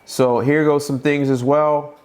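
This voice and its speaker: A man with a Boston accent hosting a live Q&A stream, talking up an upcoming event in a hyped, repetitive way with quick restarts. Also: fairly high pitch, level tone, a little mellow. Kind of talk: casual live-stream promotion.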